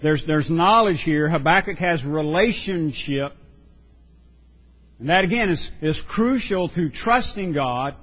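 A pastor preaching a sermon, earnest and emphatic, often repeating words for stress. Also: male voice, a little high, animated, a little slow, slightly rough, highs cut off.

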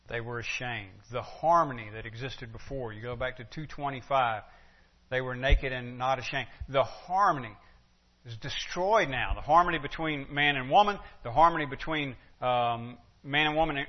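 A man preaching an expository sermon in a conversational way, asking his listeners rhetorical questions. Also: mid-range voice. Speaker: pastor. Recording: dull lo-fi recording.

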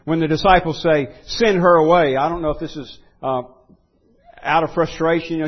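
A man preaching a sermon in an earnest way, rising to loud pleading when he voices quotes. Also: fairly high pitch, steady tone, moderate pace, lo-fi sound. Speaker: pastor.

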